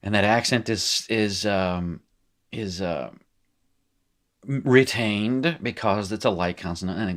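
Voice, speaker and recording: Low-voiced man teaching casually. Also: unhurried, fairly bright tone. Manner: rambling, self-correcting, joking asides; reads textbook aloud then comments. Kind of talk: casual recorded lecture.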